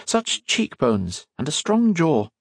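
A man's voice: fairly high pitch, huge pitch swings, takes it slowly, gravelly, slightly rough, no echo, studio quality, pitched above the performer's own voice, heavily acted. A man voicing a playful, bold young woman in a storybook reading, teasing and lilting. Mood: flattering.

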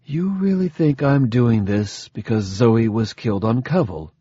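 Casting: calm, faintly mocking scientist father, husky, voiced by a male narrator, audiobook. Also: medium pitch, a little slow, no room sound, lo-fi sound. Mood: sardonic calm. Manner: dry, smooth, faintly mocking.

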